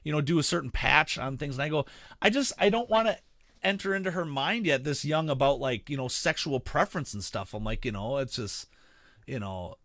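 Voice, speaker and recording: A man's voice: on the high side, lively intonation, brisk, a bit bright, no echo, clean studio sound. A man in his thirties co-hosting a podcast, rambling casually with lots of fillers, restarts and swearing. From Midwestern United States. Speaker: podcast co-host.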